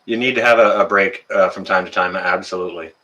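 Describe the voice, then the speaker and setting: A man's voice: low-pitched, fairly even intonation, quick pace, pushed and bright, highs cut off. A Canadian man hosting a casual livestream, greeting viewers in the chat by name and chatting with plenty of fillers. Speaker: livestream host.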